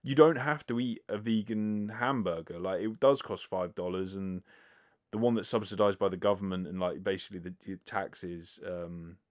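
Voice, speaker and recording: A British man with a low voice hosts a casual solo podcast at a normal pace. He answers listener questions in a rambling, self-deprecating style, full of fillers and casual swearing.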